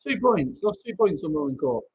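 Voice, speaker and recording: A man's voice: on the high side, sing-song, brisk, slightly rough, lo-fi sound. A man hosting a live racing tips stream, frustrated and sweary as he answers his chat. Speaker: racing tipster host.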